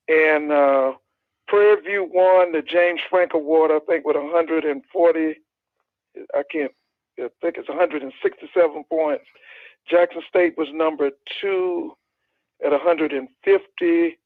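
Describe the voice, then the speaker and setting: A man's voice: on the high side, no room sound. A male caller giving emphatic, repetitive commentary over the phone. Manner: emphatic, repeats points insistently. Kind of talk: call-in radio commentary. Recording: tinny phone line.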